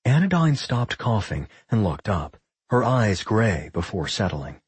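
Husky male fantasy audiobook narrator. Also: low voice, a little slow, no room sound. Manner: expressive storytelling.

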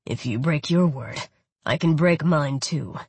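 A woman reading aloud, voicing a domineering, menacing giant of a man who growls and mutters threats in a lowered voice. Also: a little slow, a little mellow, breathy edge, dry recording. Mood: threatening.

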